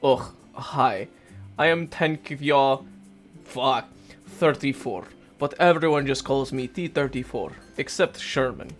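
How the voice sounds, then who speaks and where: A short, grumpy game tank girl, as a man reads her close to his own voice. She speaks slowly and flatly, sounding annoyed. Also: medium pitch, soft background music. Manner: annoyed, flat.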